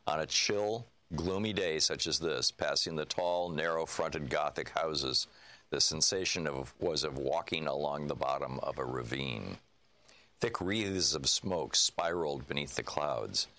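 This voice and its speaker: Deep, bright-toned male radio host. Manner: steady, measured reading aloud. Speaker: radio talk show host. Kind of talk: radio talk and book reading.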